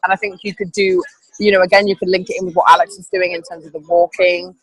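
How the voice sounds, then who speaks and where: A woman runs an online team training session over a video call, encouraging and chatty with plenty of fillers. Her voice has a slightly husky texture, and the sound is dry with no room around it. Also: fairly low pitch, level tone, fast, no echo, poor audio. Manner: upbeat, encouraging, rambling with fillers. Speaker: team leader.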